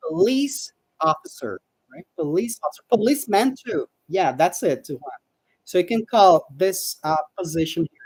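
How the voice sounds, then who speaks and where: Female English teacher, patient, drills pronunciation slowly; husky voice, dry sound. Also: fairly low pitch, big pitch swings, dark tone, dry recording, rough recording. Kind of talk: live online English lesson.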